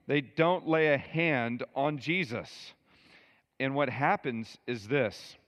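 A man's voice: on the low side, a bit bright, big-room sound. A man preaching a verse-by-verse sermon, talking conversationally and with emphasis, with asides to his listeners. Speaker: pastor. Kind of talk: expository sermon.

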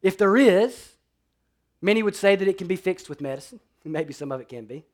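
Man preaching, fairly high voice, dynamic delivery, loud then hushed. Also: lively intonation, a little fast. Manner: dynamic preaching, swings from loud emphatic to quiet. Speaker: pastor. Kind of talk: sermon.

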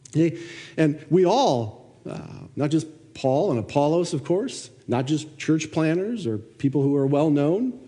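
A man's voice: a little high, lively intonation, a little slow, warm tone. A man preaching a sermon, reading scripture aloud and then explaining it with questions. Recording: long reverb of a church hall.

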